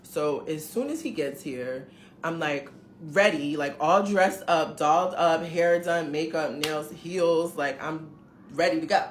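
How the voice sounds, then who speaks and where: A woman's voice: low-pitched, unhurried. A middle-aged woman at home, animatedly telling viewers a story in a casual, emphatic way. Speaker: vlogger recounting a dating experience. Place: her home, indoors. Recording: roomy room echo, faint background hiss.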